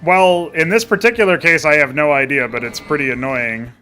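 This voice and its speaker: A man's voice: a little high, brisk, bright, forceful tone, soft background music. Sardonic man doing game commentary. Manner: chatty, sardonic, swears often. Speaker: gaming commentator. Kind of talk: casual let's-play commentary.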